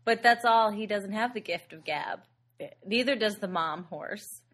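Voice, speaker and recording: A woman co-hosting a podcast, casually recapping a movie with lively laughter. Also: medium pitch, a little slow. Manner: animated, laughs often while recapping. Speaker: podcast co-host. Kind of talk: casual chat about a movie.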